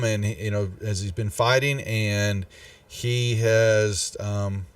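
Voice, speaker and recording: A man narrating as game master in a live-streamed tabletop game, halting and restarting as he checks the rules. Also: on the low side, steady tone, dry recording, recorded from a distance. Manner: halting, with many restarts and fillers.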